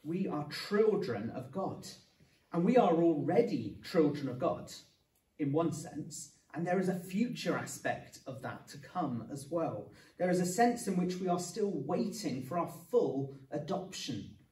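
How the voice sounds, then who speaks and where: A man preaching, earnest and explaining each point, with a dash of dry humour. His voice is mellow and sits somewhat high, caught from a distance. The sound rings around an echoey church hall. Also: animated, measured pace. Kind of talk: sermon.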